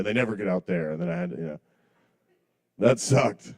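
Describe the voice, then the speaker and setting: A man's voice: mid-range voice, very animated, brisk, gravelly, dark tone. Man, stand-up comedian, rambling, self-deprecating, apologetic, laughs at own jokes, small bar open mic. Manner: chuckles at his own jokes.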